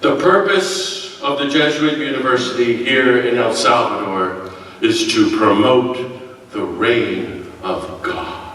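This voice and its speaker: A man's voice: mid-range voice, slow, fairly bright tone, a little hiss or hum. A man from the United States giving a keynote speech as a priest, telling stories with self-deprecating humor and acting out quotes. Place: large echoey hall. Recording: echoey hall from far off.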